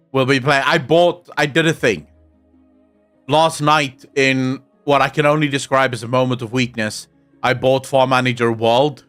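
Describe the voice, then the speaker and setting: A South African man whose first language is Afrikaans speaks English with an Afrikaans accent in a mid-range, slightly bright voice. On a live stream, he chats casually and profanely while answering viewers' comments.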